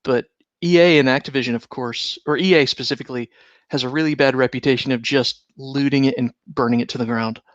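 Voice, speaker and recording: A man co-hosting a casual podcast chat, slightly hoarse, talking in a wry, sarcastic way. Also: medium pitch, fairly even intonation, fairly quick, fairly bright tone, no echo, muffled recording. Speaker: podcast co-host.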